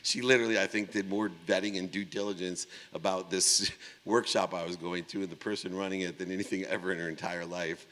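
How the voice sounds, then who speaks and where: A middle-aged man from Ohio telling a story in a keynote speech, acting out the dialogue with big swings in pitch and volume. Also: fairly even intonation, a little fast, fairly bright tone. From Ohio, USA. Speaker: keynote speaker. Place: large conference hall. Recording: long hall reverb.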